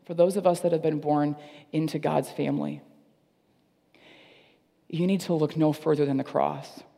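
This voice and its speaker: Gravelly-voiced pastor preaching in a big hall. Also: male voice, fairly high pitch, mellow. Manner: earnest, repeats phrases for emphasis. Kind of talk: sermon. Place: church service.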